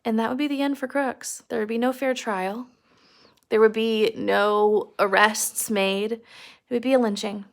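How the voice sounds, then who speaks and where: A woman's voice: fairly high pitch, steady tone, measured pace, creaky. A woman teacher giving a casual, earnest recap of a novel chapter, emphatic and sprinkled with fillers. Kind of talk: casual literature lesson recap.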